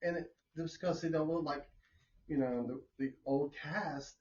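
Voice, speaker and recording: A man in a casual chat, talking haltingly and often trailing into filler phrases. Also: fairly high pitch, darkish tone, dull audio. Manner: halting, leans on "you know".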